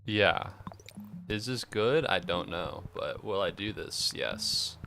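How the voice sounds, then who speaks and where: A man's voice: low-pitched, sing-song, slow, creaky, sharp tone, faint music behind. A tired young man streaming while he plays a game, chatting casually in a rambling, self-mocking way and swearing freely. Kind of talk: casual chat while gaming.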